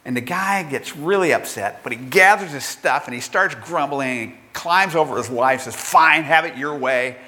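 A man's voice: medium pitch, expressive, moderate pace, hardly any pauses, bright, forceful tone. A male pastor preaching a sermon, telling a story and acting out its characters. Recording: long hall reverb.

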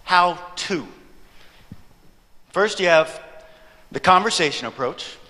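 Male preacher, storytelling sermon; high, bright, animated delivery; reverberant church hall. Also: takes it slowly. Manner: animated, joking with the audience. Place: church hall, before an audience.

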